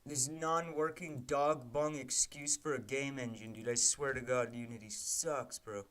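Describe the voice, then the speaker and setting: Bright-voiced, swearing game-dev streamer man. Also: mid-range voice, fairly even intonation, a little slow. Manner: frustrated, profane ranting; mutters code terms while typing. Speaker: game developer streaming live. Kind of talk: casual live-stream commentary while coding.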